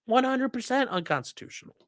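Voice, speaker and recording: A streamer giving casual legal commentary and reading chat, blunt, profane and mocking, swinging between loud outbursts and low muttering. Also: expressive, fast talker, dry recording, clean studio sound.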